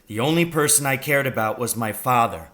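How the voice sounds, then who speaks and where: A man reads a children's novel aloud with slow, deliberate storytelling. His voice is bright, and his pitch sits in the middle range. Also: expressive. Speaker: reader.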